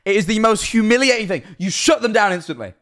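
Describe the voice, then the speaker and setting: Swearing young streamer, lively. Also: male voice, sits high, quick pace. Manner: swears freely, rambling, laughs often. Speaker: streamer reacting to videos. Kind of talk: casual reaction commentary.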